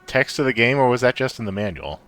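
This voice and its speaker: A man's voice: mid-range voice, sing-song, fast talker, over a noisy crowd. A man co-hosting a live game stream, musing and asking questions about game lore. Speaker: stream co-host. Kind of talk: casual game-stream chat.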